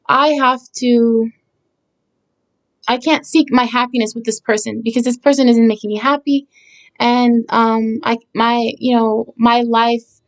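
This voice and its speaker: Woman, songwriter, slightly high pitch, casual talk, hesitant, searching for words, reflective. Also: darkish tone. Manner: hesitant and searching, with many fillers and restarts; reflective and earnest, with short laughs. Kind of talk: casual talk about her own song.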